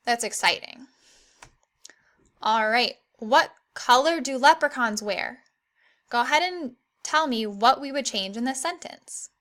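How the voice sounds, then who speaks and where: A young woman teaching an online grammar lesson to children, clear and encouraging, reading the examples slowly. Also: a little high, lively intonation, a bit bright.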